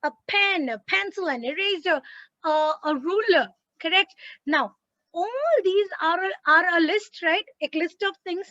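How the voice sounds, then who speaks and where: Lively high-pitched Indian woman teacher. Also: a little slow, no echo, muffled recording. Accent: Indian English. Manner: lively, emphatic, repeats words for stress. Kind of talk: online class lesson.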